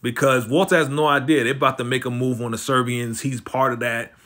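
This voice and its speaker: A man recapping a TV episode in a loose, slangy, conversational way. He talks at a mid-range pitch and keeps slipping into quick acted-out snippets of the characters' lines. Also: fairly even intonation, fairly bright tone. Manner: slangy, conversational, lots of "you know" and "right?". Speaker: TV recap host.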